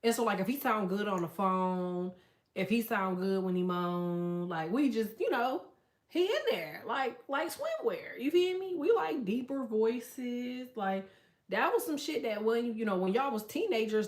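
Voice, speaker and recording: A woman hosting a casual livestream, telling stories in a loud, profane, animated way and reading out chat comments. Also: on the high side, roomy sound. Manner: profane, animated storytelling with quoted voices.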